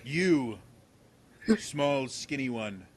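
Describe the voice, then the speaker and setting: A man's voice: mid-range voice, expressive, very slow. A man voicing a pompous, self-important male guard captain who declaims grandly.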